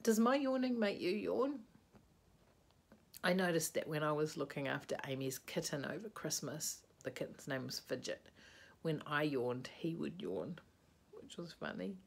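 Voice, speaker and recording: Husky low-voiced woman. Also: normal speed. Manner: rambling, chatty, sleepy and yawning. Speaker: vlogger. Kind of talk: casual video-reply vlog. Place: indoors, bedroom with a bedspread.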